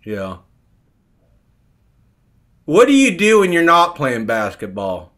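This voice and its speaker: A man's voice: on the high side, wildly swooping pitch, takes it slowly, a bit bright, heavily acted. A man doing an impression of a bossy older male TV psychologist who prods and mocks the other man, repeating his name. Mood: mocking. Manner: prodding, mocking, repeats the other man's name.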